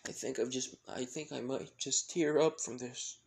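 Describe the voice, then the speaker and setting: Male narrator voicing a sneering demon mocking a reunion; slow, creaky. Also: mid-range voice, fairly even intonation, a little hiss or hum, natural voice.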